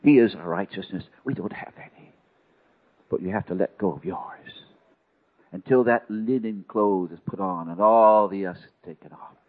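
A man's voice: low-pitched, normal speed. Dramatic male preacher, tinny sound. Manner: dramatic, swings from hushed to loud. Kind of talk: sermon storytelling.

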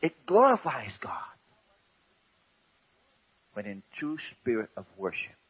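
A man preaching a sermon slowly and emphatically. He asks rhetorical questions and often drops to a hush. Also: mid-range voice, wildly swooping pitch, breathy edge. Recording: dull lo-fi recording.

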